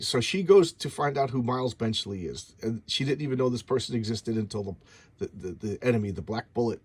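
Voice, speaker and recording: A man's voice: mid-range voice, a little fast, breathy edge. A man casually recapping a comic book story, rambling and stumbling over names.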